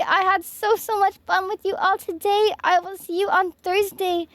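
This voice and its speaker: High-voiced, gushing young woman streamer. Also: steady tone, normal speed, a bit bright, no room sound. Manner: gushing, grateful, giggly. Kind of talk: casual stream sign-off chat. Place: home office.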